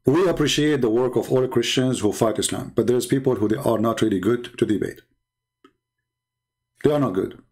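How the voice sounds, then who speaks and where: A man hosting a debate livestream, talking in a mocking, scornful and emphatic way, with non-native English and broken grammar, his voice slightly hoarse. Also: medium pitch, normal speed, a little mellow. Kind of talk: livestream commentary while calling viewers.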